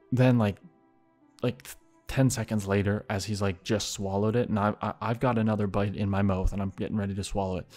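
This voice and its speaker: A man with a lowish voice tells a rambling personal story in a casual, profane way. He jumps into quoted lines with sudden loud, high bursts, then drops back to a mutter. Faint music sits under his voice. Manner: animated, acts out quotes, heavy swearing.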